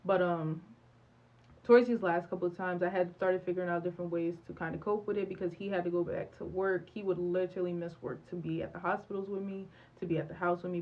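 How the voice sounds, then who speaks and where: A woman's voice: lowish voice, narrow, tinny audio. Young woman telling a candid storytime. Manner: animated, candid, acts out dialogue with many fillers. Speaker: vlogger. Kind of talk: storytime vlog.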